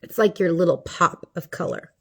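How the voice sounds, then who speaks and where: A woman's voice: lowish voice, moderate pace, a bit bright. A middle-aged woman talking viewers through a makeup tutorial in a chatty, playful way. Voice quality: chatty, playful, talks to viewers as she works. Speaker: makeup vlogger.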